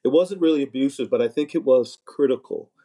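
Man, earnest, mellow voice, repeats words, casual chat. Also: mid-range voice, a little fast. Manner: earnest, repeats words when starting a thought. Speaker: podcast guest, married minister.

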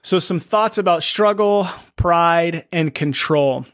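A man's voice: a little high, slow, a bit bright, dry recording. Earnest reflective man, dry close sound. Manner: earnest, thinking aloud with questions. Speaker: podcast host. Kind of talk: reflective solo podcast monologue.

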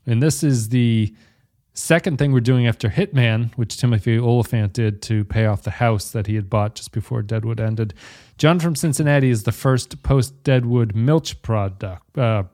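A man's voice: medium pitch, normal speed, warm tone. A man hosting a podcast, chatting casually and rambling, often correcting himself mid-sentence. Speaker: podcast host.

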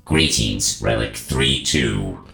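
A man's voice: animated, takes it slowly, pushed and bright, full character voice. A man voicing a cold alien male entity who collects human relics, speaking in a formal, detached, clinical way. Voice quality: very deep and gravelly. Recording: roomy recording with music behind.

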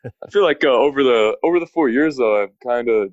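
A man's voice: mid-range voice, a little fast, no room sound, muffled recording. A young man in his twenties from Texas with a Texan accent, a guest talking in an easygoing, laid-back way. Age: 20s. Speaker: guest, pro basketball player. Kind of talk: casual interview chat.

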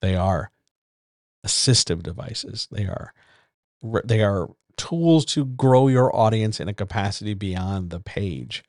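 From a small room at home, a man hosts a casual writers' chat, giving an advice monologue that bluntly lectures through rhetorical questions. His lowish, darkish voice is animated and unhurried, captured on a decent USB-style desk mic with studio quality and no room sound.

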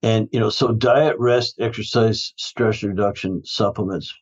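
A man's voice: on the low side, steady tone, measured pace. Rambling man with a muffled sound. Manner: rambling, restarts often, laughs while telling stories. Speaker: guest, health practitioner and course teacher. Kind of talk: casual interview chat.

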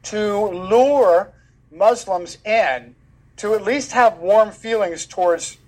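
High-voiced emphatic male interview guest. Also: slow pace. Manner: emphatic, repeats words for stress. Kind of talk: animated conversational interview.

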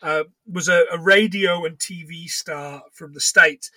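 Bright high-voiced man in casual chat. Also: fairly even intonation, unhurried, dry recording. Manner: rambling, sweary, recounts what he has watched. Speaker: podcast co-host.

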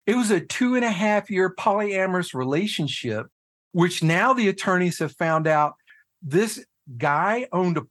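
A man talking casually on a podcast, telling a personal story with lots of swearing and sudden jumps into shouted disbelief. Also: high-pitched, lively intonation, unhurried. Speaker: guest, head of a fathers' nonprofit.

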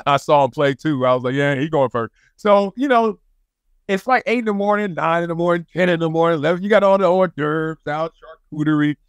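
A man's voice: a little high, clear, resonant tone, no echo, studio quality. A man in his forties with a Southern California accent, a former pro football player telling stories in a casual interview, laughing and acting out quotes. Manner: animated, laughing storyteller who acts out quotes. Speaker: podcast guest, former NFL player and sports broadcaster.

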